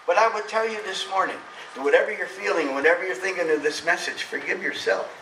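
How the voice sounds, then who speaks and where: A middle-aged man preaching a sermon as pastor, emphatic, swinging between loud preaching and soft confiding. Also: sits high, fast, far from the mic, a little hiss or hum. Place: church sanctuary. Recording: echoey church hall from off-mic.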